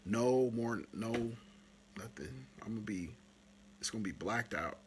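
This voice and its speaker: A man hosting a live stream, coaching photographers in a casual, animated talk that climbs higher when he retells stories. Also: a little slow, slight background noise.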